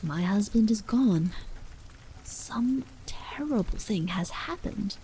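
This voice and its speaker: A woman voicing a grieving, anxious middle-aged mother in a hushed, strained whispered role-play. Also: mid-range voice, animated, slow, slight background noise, rough recording.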